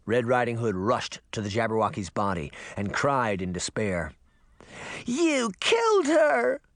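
A man narrating an audiobook with expressive, dramatic storytelling. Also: on the low side, moderate pace, no room sound, clean studio sound. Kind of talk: audiobook reading.

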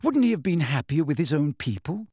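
A man voicing an anxious, clever teenage girl who turns shrill and sarcastic when upset. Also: big pitch swings, brisk, mellow, slightly rough, no room sound, studio quality.

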